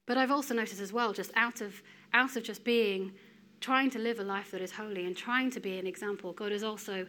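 A woman in her thirties giving a sermon in a conversational, storytelling way with lively asides. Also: medium pitch. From United Kingdom. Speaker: preacher.

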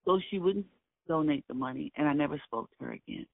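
Talking fast with a slightly high, expressive voice and vocal fry, an older man from Brooklyn, New York, recounts his family's past in an interview. His manner is earnest and emphatic with repeated key phrases, and the audio is a dry, tinny, phone-like line with no room sound.

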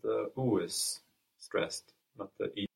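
Slow, husky-voiced male student. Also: on the low side. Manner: careful, tentative answers. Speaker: language student. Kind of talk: answering in a language lesson.

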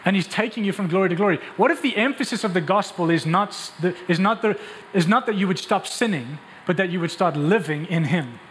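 A man preaching with a fairly high voice, pressing his points with rhetorical questions and quick restarts. His voice rings with a long reverb through a large church hall, over a faint ambience. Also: lively intonation, fairly bright tone, a little hiss or hum. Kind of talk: sermon.

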